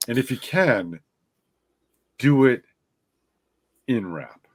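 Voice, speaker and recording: A man hosting a podcast, joking and expressive in casual conversation. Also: medium pitch, extremely slow, noisy background. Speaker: podcast host.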